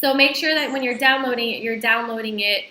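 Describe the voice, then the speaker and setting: Bright, chatty woman in an echoey room. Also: on the high side, a little fast. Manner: chatty, filler-heavy, talks straight to viewers. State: slightly out of breath. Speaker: vlogger. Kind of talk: casual screen-share tutorial.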